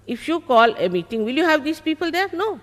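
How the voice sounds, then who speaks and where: An older woman, a spiritual teacher, speaks in a high, sing-song, brisk and somewhat bright voice at a public talk in a large hall with long reverb. In a heated exchange with the audience she scolds firmly and repeats her points.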